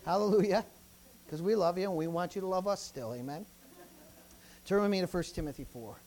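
A man's voice: a little fast, slight background noise, rough recording. A man preaching a sermon as pastor, emphatic and repetitive, often calling out interjections between points. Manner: lively, swinging between loud bursts and low asides.

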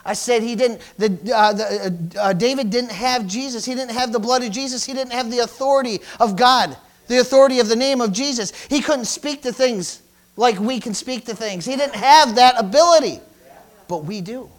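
A man's voice: extremely high pitch, normal speed. A male pastor preaching a fervent sermon, calling out hallelujahs and repeating lines for emphasis.

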